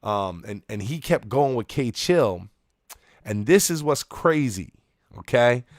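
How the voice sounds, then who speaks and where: A man's voice: medium pitch, expressive, takes it slowly, no echo, studio quality. Profane rambling man telling a story. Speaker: podcast co-host. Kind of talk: casual storytelling.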